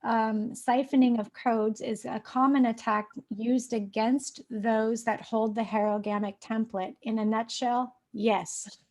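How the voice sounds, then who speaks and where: A woman's voice: on the high side, fairly even intonation, measured pace, darkish tone. A woman hosting a casual spiritual conversation over a video call, rambling with fillers, restarts and light laughs. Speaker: host.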